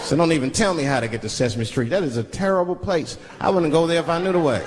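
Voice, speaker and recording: A male stand-up comedian telling profane, animated stories to a live audience, recorded in a venue with laughter and reverb. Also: fairly high pitch, quick pace, a crowd in the background.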